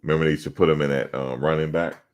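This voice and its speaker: Very deep-voiced man telling football stories. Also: fairly even intonation, racing, clean tone. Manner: loose, profane storytelling with laughter. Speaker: podcast co-host. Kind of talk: casual sports chat.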